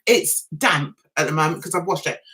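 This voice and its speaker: A woman's voice: low-pitched, a little fast, a bit bright. A middle-aged woman hosting a casual livestream, telling a story in a chatty way and laughing often. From England. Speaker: livestream host.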